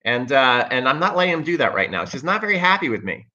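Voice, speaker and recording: Bright, forceful man talking tennis. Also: mid-range voice, big pitch swings, fast, muffled recording. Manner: emphatic, opinionated, repeats himself. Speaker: tennis coach, host. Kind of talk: casual livestream chat reading viewer comments.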